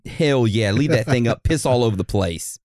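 A man's voice: medium pitch, animated, normal speed, a little mellow, no echo, clean studio sound. A man co-hosting a podcast in casual chat, laid-back and joking. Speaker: podcast co-host.

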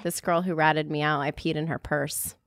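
A married woman, a podcast guest in casual chat, playful and quick to laugh. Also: low voice, little pitch movement, a bit bright, no echo, studio quality.

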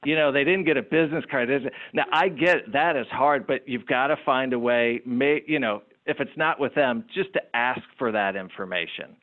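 A man who runs a business, telling lively anecdotes as a guest in an interview. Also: medium pitch, normal speed, few pauses. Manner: animated anecdotal storyteller. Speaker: entrepreneur guest. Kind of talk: storytelling interview talk. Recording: tinny phone-like line.

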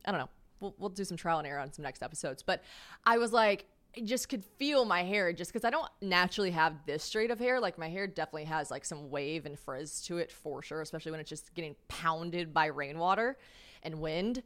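A young woman hosting a podcast, telling a story in a casual, animated way, full of "like" fillers, self-mocking asides and acted-out dialogue. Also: lowish voice, a little fast. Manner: chatty and animated, lots of "like" fillers, acts out quoted dialogue. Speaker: podcast host.

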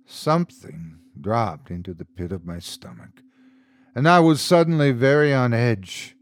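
A male host reading a scripted horror story in a measured, dramatic way. His pitch rises and falls expressively, and he takes his time. The sound is close and dry. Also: lively intonation, no echo. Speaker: host and narrator.

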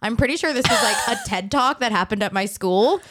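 A woman's voice: on the high side, animated, brisk, a bit bright, no echo, studio quality. A woman guest on a podcast, explaining a method in a chatty way and laughing as she talks. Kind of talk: casual podcast chat.

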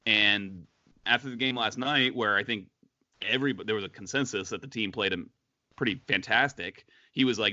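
A man's voice: lowish voice, brisk, pushed and bright, no room sound, muffled recording. A man co-hosting a casual sports podcast, chatty, with many fillers and restarts. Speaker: podcast co-host.

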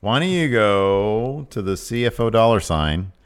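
A man co-hosting a casual podcast, reading out viewer questions and chatting along. His voice sits very low but moves around widely, jumping up when he gets excited. He laughs easily and tends to trail off into mumbles. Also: a little slow, clear, resonant tone. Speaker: podcast co-host. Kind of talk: casual chat.

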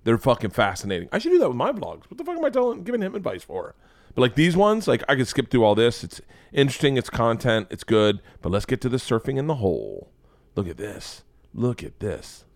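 A man hosting a casual podcast chat, rambling and swearing with excitable energy. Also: mid-range voice, fairly quick, no room sound, clean studio sound. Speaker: podcast host.

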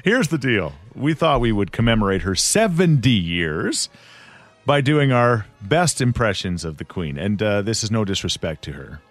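Lively, relaxed low-voiced man. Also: normal speed, soft background music. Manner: relaxed, easygoing, self-deprecating. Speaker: podcast host. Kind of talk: casual podcast chat.

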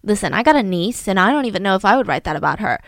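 A woman casually telling a true-crime story to a co-host, chatty and animated, with frequent asides. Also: medium pitch, very fast, no echo.

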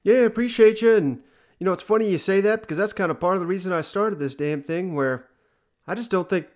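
A man's voice: high voice, a little fast. A man hosting a casual podcast, laid-back and thanking listeners. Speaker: podcast host.

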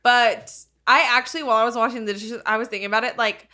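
A young woman co-hosting a podcast, chatting casually with a playful, animated delivery. Her voice sits a little high and comes across bright and forceful. She laughs easily between lines. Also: fast. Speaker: podcast co-host. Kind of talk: casual chat.

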